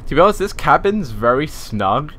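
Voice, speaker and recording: A man's voice: on the high side, sing-song, normal speed, a bit bright, a little hiss or hum. Chatty man streaming a game. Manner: chatty, easygoing, laughs at himself. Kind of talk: casual live gameplay commentary.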